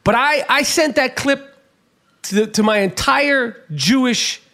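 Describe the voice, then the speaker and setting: A middle-aged man hosting a podcast, ranting profanely and bursting into shouts. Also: very high-pitched, unhurried. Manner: swears heavily and shouts in bursts. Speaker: podcast host. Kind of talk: profane, animated podcast rant.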